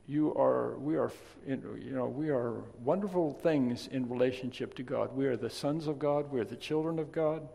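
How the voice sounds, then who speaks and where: Male preacher, gravelly, talky asides rising to forceful emphasis, in a reverberant hall. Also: mid-range voice, normal speed, few pauses. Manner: conversational, swings from quiet asides to emphatic loud stresses. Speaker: pastor. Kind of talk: sermon. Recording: long reverb of a large hall.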